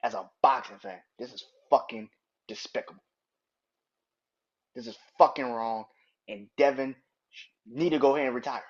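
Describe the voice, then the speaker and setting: A man's voice: mid-range voice, breathy edge. A man hosting a solo sports podcast, ranting in a heated, profane, emphatic way. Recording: dull lo-fi recording.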